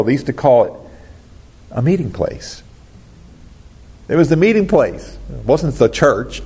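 A man's voice: fairly high pitch, a little mellow. A middle-aged man preaching a sermon as pastor, earnest and direct, asking his listeners rhetorical questions.

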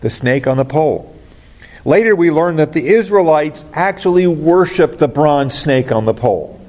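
A middle-aged pastor preaches earnestly and directly, putting rhetorical questions to his listeners. His voice is a little high and a little mellow, animated, at a moderate pace.

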